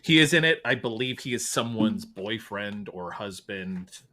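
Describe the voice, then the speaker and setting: Male podcast host, bright timbre, chatty, keeps score with easy banter. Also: on the low side, animated, a little slow. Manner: upbeat, running scores and banter. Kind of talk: casual game-show chat.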